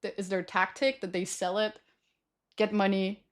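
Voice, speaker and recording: A woman's voice: mid-range voice, flat delivery, normal speed. A young adult woman livestreamer telling stories to her chat in a rambling, slangy way, often correcting herself mid-sentence. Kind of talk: casual storytelling to stream chat.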